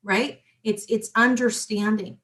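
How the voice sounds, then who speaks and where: A woman in casual spiritual chat, animated and repeating herself as she talks. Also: a little high. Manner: animated, repeats words, quick asides; former police worker talking spiritual tools.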